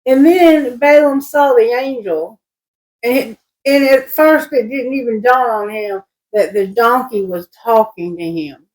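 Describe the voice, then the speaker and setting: Reading scripture aloud in a casual spiritual session, this woman tarot reader muses slowly and rambles, correcting herself and restarting sentences often. Her pitch is fairly high, captured in a low-quality recording.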